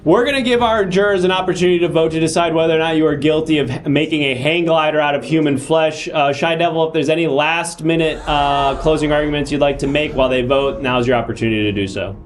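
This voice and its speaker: A man's voice: fairly high pitch, fast talker, few pauses, soft background music. A man hosting an improvised comedy show as a judge, mock-stern and exasperated, often laughing. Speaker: host playing a judge. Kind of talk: improvised comedy role-play.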